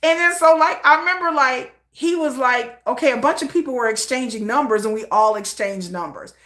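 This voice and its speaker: A woman vlogger telling a story in a chatty, animated way with lots of fillers. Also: sits high, a little fast, roomy sound. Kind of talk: casual storytelling.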